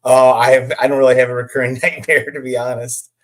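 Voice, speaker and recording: A man in his forties, a comic creator appearing as a podcast guest, chats casually in an easygoing way, laughing often and hesitating with fillers. His voice is medium in pitch and level in tone, and he speaks at a quick pace.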